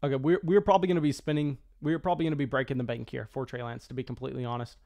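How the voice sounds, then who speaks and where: A man giving live commentary on a fantasy football auction draft, talking quickly and excitably with frequent stammered restarts. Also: medium pitch, creaky.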